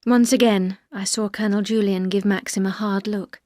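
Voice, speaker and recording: A woman narrating a story for language learners, clear and careful, at a mid pitch. The reading is steady and even. The sound is dry and close to the mic. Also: normal speed, no echo.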